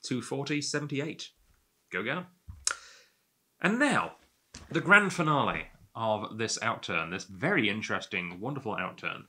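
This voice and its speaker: A man's voice: mid-range voice, big pitch swings, measured pace, long pauses, sharp tone, slightly rough. A man hosting a whisky tasting, chatting in a rambling, self-amused way as he sips and talks to the camera. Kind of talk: casual tasting monologue.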